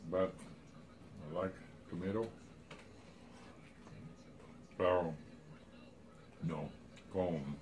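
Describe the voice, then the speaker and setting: A man's voice: deep voice, steady tone, takes it slowly, a little mellow, dull audio, slight background noise. A man joking dryly with his wife over a meal at home. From United States. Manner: dry joking banter. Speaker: husband. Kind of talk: casual mealtime chat.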